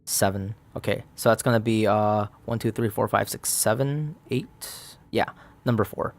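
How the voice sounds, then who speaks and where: A man playing a solo tabletop game, muttering dice counts aloud and narrating the results in a relaxed, casual way. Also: lowish voice, normal speed. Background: faint background music.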